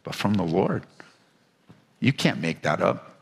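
A man's voice: big pitch swings, unhurried, gravelly, slightly rough. A male pastor preaching, reading scripture and then applying it with passionate, rising emphasis and repeated words. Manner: impassioned, rising pitch in emphatic stretches; repeats words when stressing a point. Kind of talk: sermon. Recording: long hall reverb.

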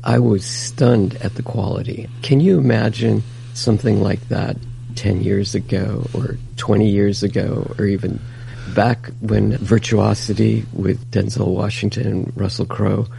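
A man co-hosts a radio talk show. He has a very gravelly, low voice with a dark, mellow tone. He agrees in short bursts and talks with enthusiasm, with a faint hum behind him. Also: steady tone, a little slow, rough recording. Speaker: co-host.

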